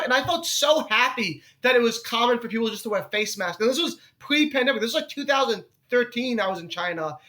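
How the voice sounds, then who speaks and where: A man's voice: very high-pitched, pushed and bright. A male comedian chatting as a podcast guest, ranting in an exasperated, profane way and laughing at his own stories. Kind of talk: casual podcast chat.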